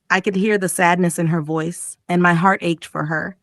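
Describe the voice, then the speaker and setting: A woman's voice: fairly even intonation, moderate pace, hardly any pauses, fairly bright tone, dry recording. Female narrator for a language lesson, reads emotional vignettes with acted dialogue, dry studio sound. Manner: reads paragraph titles, then acts out quoted lines with raised pitch. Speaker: English lesson reader. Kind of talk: expressive story reading.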